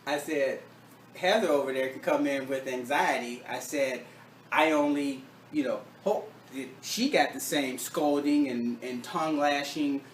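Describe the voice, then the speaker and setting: A man casually telling a story about a doctor visit, acting out both sides of the talk and dropping his voice low and soft for the doctor's lines. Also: a little slow. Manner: retells a doctor visit with quoted dialogue, drops voice low and soft for the doctor. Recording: echoey room, far from the mic, faint noise.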